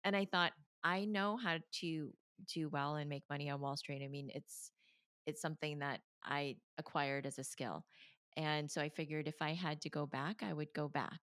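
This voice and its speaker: Low voiced woman telling her story, laughs a lot, gets animated, close dry mic. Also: normal speed, smooth, dry recording. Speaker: guest, meditation coach. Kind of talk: candid storytelling interview.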